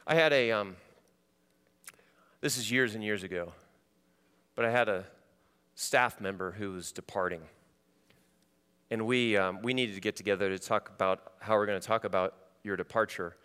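Male pastor, smooth resonant voice, preaching in a hall with long reverb. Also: lowish voice, normal speed, pauses often. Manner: shifts from loud and animated to quiet and intimate. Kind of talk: sermon.

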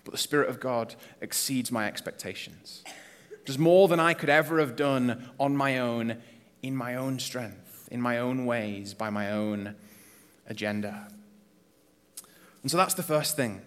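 A man's voice: mid-range voice, measured pace, a bit bright, smooth. A man preaching a sermon as a pastor, conversational and earnest, asking the congregation rhetorical questions. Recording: long reverb of a church hall.

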